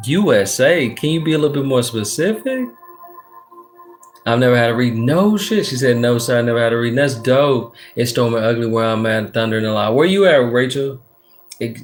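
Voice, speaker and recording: A Texas man with a mid-range voice does tarot readings on a casual livestream. He reads viewer comments out loud, leans on slang, swears freely and hands out plenty of shout-outs.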